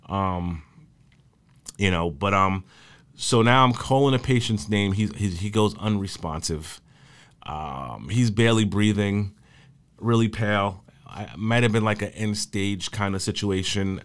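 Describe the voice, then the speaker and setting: A man with a smooth, low voice, an EMS worker, recalls his career through casual spoken stories. He speaks haltingly, with many fillers and restarts.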